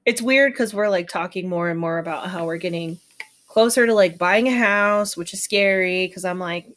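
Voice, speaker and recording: A woman co-hosting a podcast, reacting to her friend's stories with quick giggles and short replies. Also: on the low side, fairly bright tone. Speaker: podcast co-host. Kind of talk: casual chat.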